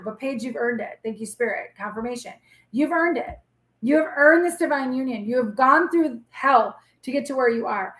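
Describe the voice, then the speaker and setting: High-voiced chatty woman in an echoey room. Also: lively intonation, moderate pace, fairly bright tone. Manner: chatty, blunt and reassuring, talks straight to viewers. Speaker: tarot reader hosting a live stream. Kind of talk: casual live-stream tarot reading.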